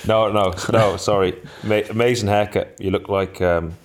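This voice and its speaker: A man's voice: lowish voice, fairly even intonation, normal speed. A man co-hosting a podcast, trading jokey, teasing banter. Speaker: podcast co-host. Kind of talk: casual chat.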